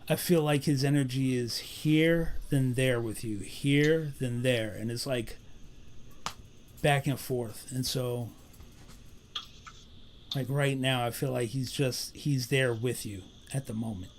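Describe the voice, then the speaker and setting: A man's voice: mid-range voice, slow pace, slight background noise. Casting note: male psychic medium on a live stream, earnest and repetitive, mid-range voice that lifts when relaying messages. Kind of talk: live-stream spirit reading.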